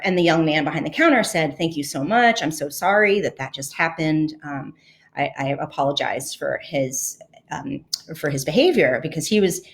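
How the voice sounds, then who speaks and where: A woman podcast host and leadership coach telling a personal story in an earnest, reflective way, with fillers and restarts. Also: fairly low pitch.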